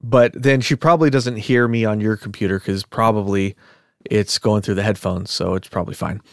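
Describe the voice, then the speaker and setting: A man's voice: lowish voice, steady tone, moderate pace, no room sound. Guy hosting a podcast, super casual and rambly, laughs a lot, dry close sound. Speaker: podcast host. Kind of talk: casual chat.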